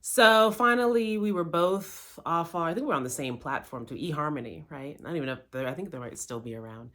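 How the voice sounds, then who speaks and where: A woman's voice: deep voice, animated, a little fast, fairly bright tone. A middle-aged woman, a life coach, candidly telling a personal story with lots of quoted self-talk.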